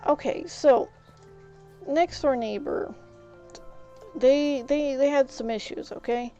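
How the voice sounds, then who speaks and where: A woman's voice: high voice, takes it slowly, mellow, lo-fi sound, faint music behind. A woman streaming a game, casually telling a long rambling story and retelling conversations with "I was like".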